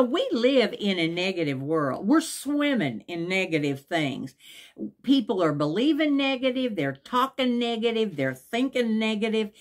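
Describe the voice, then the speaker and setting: A woman preaching an enthusiastic devotional sermon, emphatic and repeating her key phrases. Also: medium pitch.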